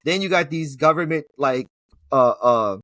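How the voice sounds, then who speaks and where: A man casually recapping an action movie in an excitable, slangy, profane storytelling way. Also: fairly high pitch, moderate pace, no echo. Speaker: movie reviewer. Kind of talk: casual film recap chat.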